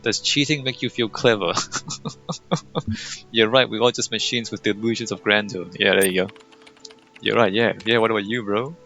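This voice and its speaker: A man's voice: fairly low pitch, fairly even intonation, moderate pace, pauses often, sharp tone. A young man in casual gameplay commentary, sarcastic and mocking as he reads game dialogue aloud. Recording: muffled lo-fi mic over faint game music.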